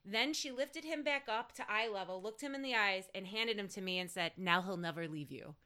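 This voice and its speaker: A woman co-hosting a podcast, talking in quick, expressive casual chat and laughing often. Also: fairly high pitch, clear, resonant tone. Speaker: podcast co-host.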